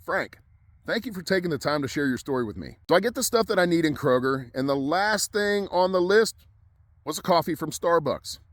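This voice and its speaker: A man's voice: fairly high pitch, lively intonation, brisk, dry recording. Folksy storytelling man, dry sound. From Ohio. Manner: folksy, conversational, reflective. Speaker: welding instructor. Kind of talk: personal storytelling.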